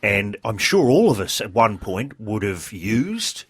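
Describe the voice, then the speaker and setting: A man's voice: lowish voice, big pitch swings, a little slow, a bit bright, slightly rough, no echo. A man co-hosting a radio comedy show, wry and straight-faced. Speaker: co-host.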